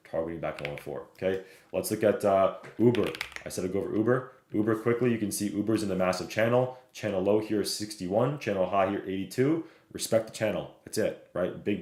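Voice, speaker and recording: Guy going over stock charts live, lowish voice, keeps saying right and okay, kinda echoey room. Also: darkish tone, a little hiss or hum. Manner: fast, repeats "right?" and "okay?", reads chat aloud. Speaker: stock trading streamer. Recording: roomy echo.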